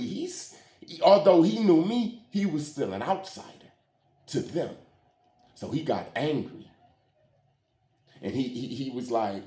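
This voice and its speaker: A man's voice: medium pitch, darkish tone. A man telling a story from his own life in casual, slangy street talk, often checking in with "you hear what I'm saying". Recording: roomy echo.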